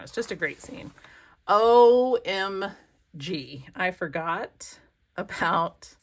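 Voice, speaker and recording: A woman with a fairly low, sharp-toned voice, recorded on a desk camera. She's a craft vlogger flipping through her pages and chatting casually, rambling and gushing over her favorites in easygoing flip-through commentary.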